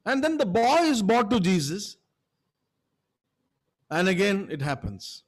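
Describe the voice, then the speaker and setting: High-voiced pastor preaching emphatically. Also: male voice, sing-song, a little slow. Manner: emphatic, repetitive, with frequent rhetorical checks. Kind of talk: sermon.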